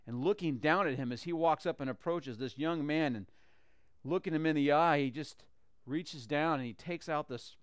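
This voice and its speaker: A man retelling a Bible story in a lively, conversational way, often restarting phrases. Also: fairly high pitch, normal speed, smooth, no room sound, clean studio sound.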